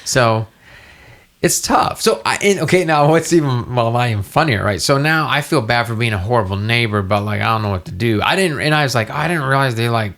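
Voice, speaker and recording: A man's voice: medium pitch, lively intonation, fairly quick, vocal fry, a bit bright. A man co-hosting a casual podcast, telling a rambling story and acting out the dialogue. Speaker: podcast co-host. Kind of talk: casual chat.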